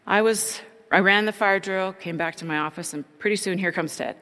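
A woman's voice: mid-range voice, fairly quick, sharp tone, big-room sound. A middle-aged woman giving an earnest, reflective personal testimony.

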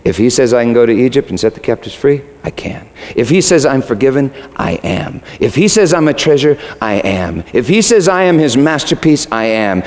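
A man preaching a sermon emphatically, swinging between loud declarations and hushed asides. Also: mid-range voice, sing-song, moderate pace, hardly any pauses. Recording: long hall reverb.

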